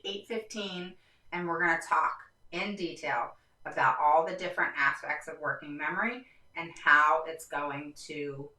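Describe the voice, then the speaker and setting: A woman's voice: lowish voice, bright, forceful tone, reverberant, far from the mic, poor audio. A woman hosting a live stream for parents, talking passionately and emphatically, her voice going up and down as she gets frustrated. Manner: passionate, voice rising and falling with frustration; repetitive, emphatic, many fillers. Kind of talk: livestream talk to viewers.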